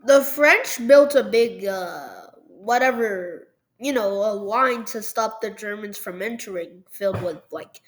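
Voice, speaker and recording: A woman's voice: medium pitch, lively intonation, measured pace, rough recording. A woman narrating a history map video at her computer in a loose, jokey way, full of ums and "they were like". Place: at a computer, recording over a screen.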